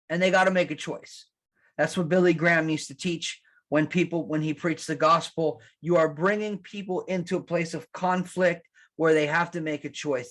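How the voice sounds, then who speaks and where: A man preaching a sermon as pastor, conversational and animated, acting out quotes and restarting his sentences. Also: a little high. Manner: animated, acts out quotes, laughs at his own lines.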